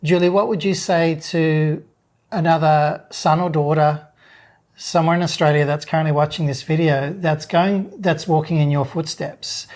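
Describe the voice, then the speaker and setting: A woman's voice: sits low, fairly even intonation, moderate pace, a little mellow. A woman hosting a podcast interview, speaking in an empathetic, reflective way. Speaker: podcast host.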